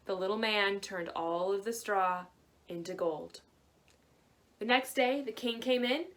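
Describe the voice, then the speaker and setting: A woman librarian telling a fairy tale to children in a gentle, expressive way. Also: medium pitch, measured pace. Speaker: librarian storyteller. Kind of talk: storytelling to children.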